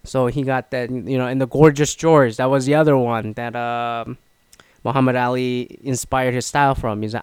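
In a casual opinion monologue, a man rambles along at a normal pace, his mid-range voice smooth and the sound free of echo. He leans on "you know" fillers and keeps restarting, getting animated whenever he quotes other people.

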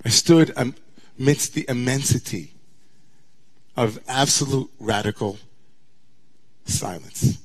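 A middle-aged man, a rabbi, giving a dramatic sermon that swings from hushed, drawn-out near-whispers to impassioned declamation. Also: mid-range voice.

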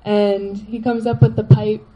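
A woman telling a personal story to a live audience, animated and laughing, full of "like" fillers. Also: medium pitch, measured pace, dull audio, faint music behind.

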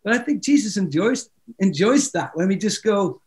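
A man speaking English as a second language, telling stories earnestly as a guest author in a faith interview, with many halting restarts. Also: high voice, animated. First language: not English.

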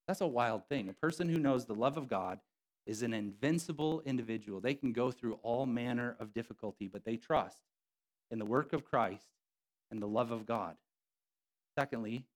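Man preaching a lively conversational sermon. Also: medium pitch. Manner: animated, conversational preaching with acted-out quotes. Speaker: pastor.

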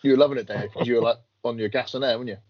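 A man telling animated stories in casual banter, acting out other people's voices as a podcast co-host. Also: medium pitch, rapid-fire, dry recording. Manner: animated storyteller, acts out others. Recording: dry, dull lo-fi sound.

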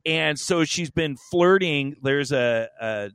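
A man's voice: fairly high pitch, takes it slowly, fairly bright tone, clean tone, no echo. A man co-hosting a podcast, telling a story in a rambling, profane, joking way. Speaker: podcast co-host. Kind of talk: casual chat.

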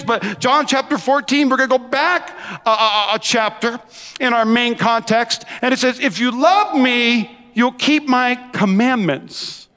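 A middle-aged man preaches a sermon in a high, bright voice, animated and quick with asides to the crowd. His voice rings with a long reverb through a large church hall. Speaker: pastor.

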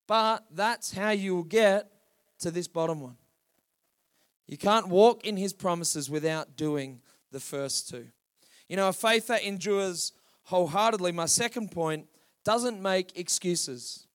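A man's voice: high-pitched, measured pace. A man preaching a sermon as pastor, rallying the congregation with calls and questions.

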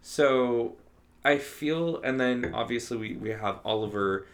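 A man's voice: medium pitch, measured pace. A man in casual podcast chat, easygoing and laughing along, hedging often as he talks a film through.

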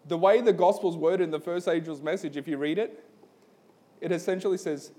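A man's voice: fairly high pitch, a little fast, dark tone. A young adult man preaching a conversational sermon, telling a personal story loosely and then building to an earnest appeal. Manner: casual and storytelling, peppered with "like" and "man". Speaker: pastor.

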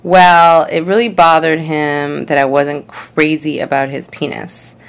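A woman's voice: low-pitched, level tone, a little slow, gravelly, clean tone. A young woman telling a funny personal story in a chatty, rambling way, full of "like" and "you know.". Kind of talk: casual comedic storytelling.

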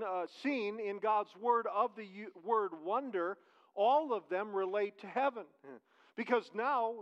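A man, preaching a sermon as pastor in a conversational way, with restarts and rhetorical questions. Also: sits high. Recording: dull, lo-fi church recording.

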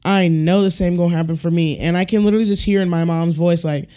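A man's voice: sits high, animated, fast talker, few pauses, a little mellow. Blunt, profane man ranting on a podcast. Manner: acts out quoted people with shifts in voice. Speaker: podcast host. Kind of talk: casual solo podcast rant.

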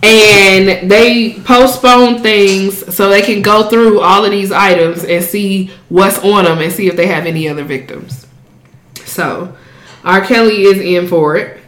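A woman chatting bluntly and profanely as a podcast co-host, her voice at a middle pitch. The room around her gives her voice a roomy echo. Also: fairly even intonation, measured pace, a bit bright. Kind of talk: casual chat.

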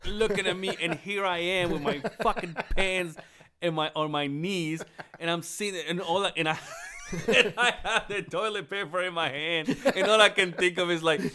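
A young man in casual podcast chat, telling a crude story with lots of swearing, laughing as he talks and shouting out the lines he quotes. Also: sits high, normal speed, smooth. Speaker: podcast co-host.

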